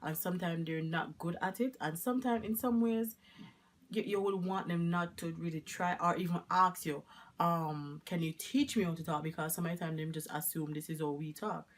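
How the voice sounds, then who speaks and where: A woman's voice: fairly low pitch, moderate pace. A woman with a Jamaican accent chatting to the camera in a rambling vlog, slipping in patois as she talks. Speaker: vlogger. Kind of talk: casual chat to camera.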